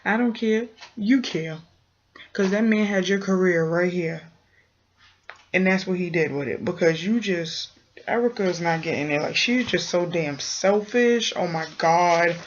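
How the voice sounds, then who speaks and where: A woman's voice: on the low side, a little slow, slight background noise. A woman giving a blunt, sassy, slang-heavy casual recap of a TV episode. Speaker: TV recap vlogger. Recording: muffled lo-fi recording.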